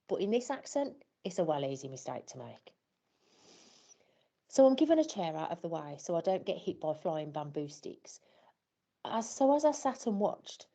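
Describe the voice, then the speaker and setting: A woman's voice: low voice, vocal fry, warm tone, highs cut off. A woman telling a scripted first-person story as a flustered parent, wry and self-deprecating. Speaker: parent in a training scenario.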